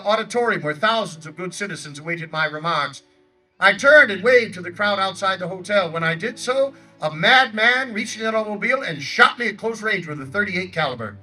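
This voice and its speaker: A man doing a booming old Teddy Roosevelt. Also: bright, forceful tone, recorded from a distance, heavily acted, rough recording. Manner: booming, declamatory oratory. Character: blustery Theodore Roosevelt, older man, fiery orator. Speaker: historical reenactor. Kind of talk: outdoor stump speech in character. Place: outdoor park by a lake.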